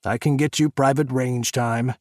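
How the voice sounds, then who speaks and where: A man's voice: mid-range voice, steady tone, moderate pace, a little mellow, dry recording, clean studio sound, lightly acted. A man voicing a sardonic, brash male colleague who speaks in a wry, raised voice. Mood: sarcastic.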